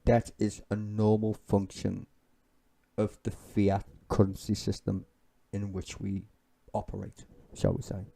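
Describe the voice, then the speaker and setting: A man rants through profane political commentary on a live stream, blunt and sardonic. His voice sits low with a gravelly fry and a dark, mellow tone. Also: monotone, unhurried, a little hiss or hum. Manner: sweary, ranting and sardonic.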